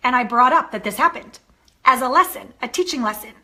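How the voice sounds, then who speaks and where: Woman, dating coach, bright tone, lively coaching talk, acts out quoted voices. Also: high-pitched, brisk. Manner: animated storytelling, acting out quoted voices. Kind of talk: coaching talk to a course member.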